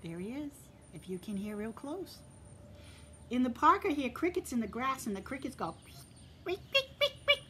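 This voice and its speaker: A woman teacher gently reading a picture book aloud to young children, speaking straight to them and dropping to a soft whisper for quiet parts. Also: a little high, lively intonation, normal speed, slight background noise. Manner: gentle and encouraging, addresses children directly; stops to point out real sounds around her. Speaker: preschool teacher.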